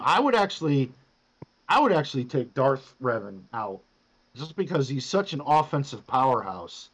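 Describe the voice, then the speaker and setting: A man's voice: medium pitch, very animated, moderate pace, rough recording. A man with an ordinary mid-range voice who hosts a casual chat. He guides his guest through each step and swears freely as he goes. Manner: loose, profane, instructive. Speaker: podcast host coaching a guest.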